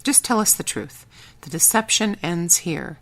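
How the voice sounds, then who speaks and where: A woman's voice: fairly low pitch, animated, unhurried, a bit bright, exaggerated voice. Woman playing a tense, commanding male agent. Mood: firm.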